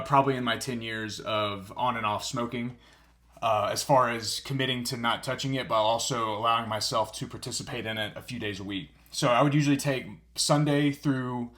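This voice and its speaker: Calm earnest male podcast host. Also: medium pitch. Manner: calm, earnest, with frequent filler words. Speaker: podcast host and personal trainer. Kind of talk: reflective podcast monologue.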